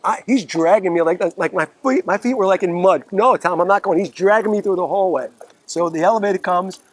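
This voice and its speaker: A man's voice: high voice, a little fast, no room sound. A man from the Bronx, a musician guest telling stories casually and profanely, acting out the quotes, outdoors in a park. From New York, the Bronx. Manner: animated, profane, acts out quotes. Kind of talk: casual storytelling.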